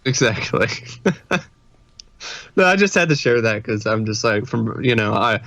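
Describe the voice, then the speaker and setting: A man's voice: mid-range voice, animated, a little slow, a bit bright, no room sound. A man co-hosting a podcast in casual chat, laughing often. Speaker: podcast co-host.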